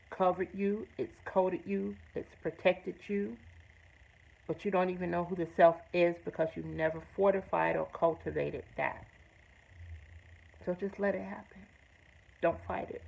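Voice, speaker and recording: A woman's voice: on the low side, gravelly, slightly rough, poor audio. A woman hosting her own show, telling a personal story in an earnest, emphatic way with blunt, salty language. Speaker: host. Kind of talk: personal testimony to camera.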